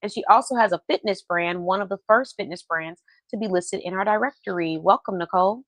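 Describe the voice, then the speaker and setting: Chatty woman hosting a stream from home, mid pitch, dry sound, laughs a lot. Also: fairly quick, no echo. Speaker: livestream host. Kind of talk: casual chat. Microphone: video call.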